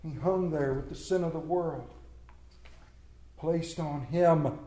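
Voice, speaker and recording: A man preaching a sermon in an earnest manner, repeating key words and often dropping to a hushed tone. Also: fairly high pitch, slow, echoey room, poor audio.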